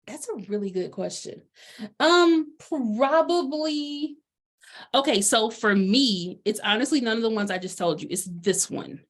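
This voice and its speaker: A woman's voice: fairly high pitch, animated, a little slow. Bubbly woman life coach, chatty and loose, casual delivery. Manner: chatty, bubbly, lots of fillers. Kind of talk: casual presentation chat.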